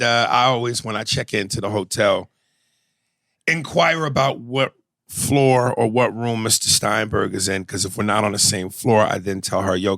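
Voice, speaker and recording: A man's voice: lowish voice, no echo. A man co-hosting a podcast, telling loose, profane stories in casual chat. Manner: profane, animated storytelling with impressions. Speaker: podcast co-host.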